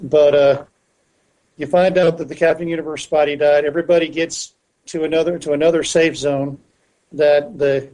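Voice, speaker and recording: Guy recapping comics on a podcast, kinda high voice, lots of ums and restarts. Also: flat delivery, moderate pace, mellow, rough recording. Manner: rambling, with frequent fillers and restarts. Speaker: podcast co-host. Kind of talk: casual comic book review chat.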